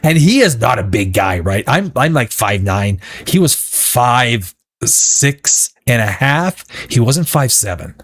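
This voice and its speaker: A man's voice: medium pitch, big pitch swings, takes it slowly, fairly bright tone. A man hosting a casual pop-culture commentary show, rambling with stammered restarts and breaking into profane rants. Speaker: show host.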